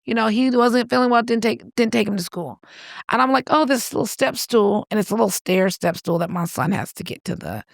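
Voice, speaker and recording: Animated woman telling a story. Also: on the high side, brisk, gravelly, no echo, clean studio sound. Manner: animated storyteller, acts out voices and cries. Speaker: podcast co-host. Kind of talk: casual chat, storytelling.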